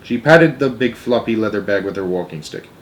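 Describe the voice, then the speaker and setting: A man reading a children's book aloud in a measured, steady storytelling voice. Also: on the low side, slight background noise.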